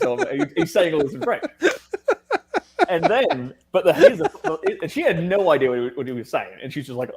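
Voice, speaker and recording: An Australian man telling stories as a guest in a casual conversation, animated and laughing often. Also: a little high, fairly quick.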